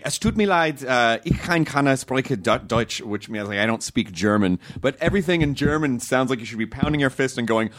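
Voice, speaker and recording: A man from the United States hosting a podcast, chatting casually and joking, laughing often and rambling through his points. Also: fairly low pitch. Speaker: podcast host. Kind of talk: casual chat.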